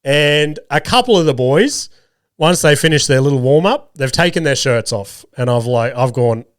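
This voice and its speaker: A man's voice: medium pitch, expressive, moderate pace, no room sound, studio quality. A man in his thirties with an Australian accent, hosting a podcast while sick, telling stories in a sweary, self-deprecating way. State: sick, voice rough. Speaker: podcast host. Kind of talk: casual storytelling monologue.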